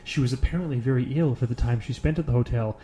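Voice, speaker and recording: Man, podcast co-host, sarcastic asides, casual reading, warm dark voice. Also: medium pitch, fast talker, slight background noise. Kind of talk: casual chat, reading a list aloud.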